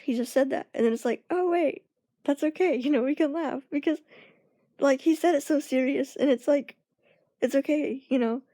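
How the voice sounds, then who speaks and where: High-voiced young woman vlogging casually. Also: warm tone, dry recording, clean studio sound. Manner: halting, searching for words, laughs often. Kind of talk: casual personal vlog.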